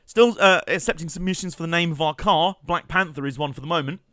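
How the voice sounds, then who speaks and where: A man's voice: on the high side, quick pace, sharp tone, no room sound. A young man, chatting and joking while commentating his live gameplay stream. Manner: chatty, joking, rambling asides with laughs.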